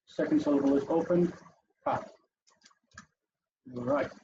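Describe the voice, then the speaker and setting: A man teaching a class over a video call, lively and explaining step by step with many fillers, heard through dull, lo-fi call audio. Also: on the high side, unhurried, gravelly, a little hiss or hum.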